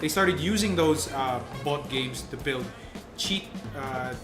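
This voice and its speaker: Man, podcast co-host, a bit high voice, roomy room, music underneath, rambling casual talk. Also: takes it slowly. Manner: rambling, restarts, explains news loosely. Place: shared room, four hosts on one mic.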